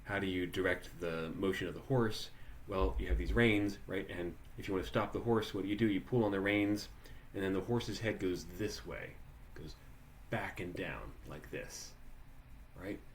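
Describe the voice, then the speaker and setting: Low-voiced man leading a workshop. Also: normal speed, a little hiss or hum. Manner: conversational, many restarts and "like", asks participants questions. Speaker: workshop leader. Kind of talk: live workshop teaching. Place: online live workshop, video call.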